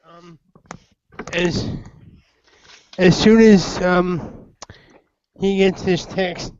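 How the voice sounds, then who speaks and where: A man running a tabletop game who narrates haltingly with many ums, on a muffled lo-fi recording. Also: high voice, steady tone, darkish tone, smooth, no room sound. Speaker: game master.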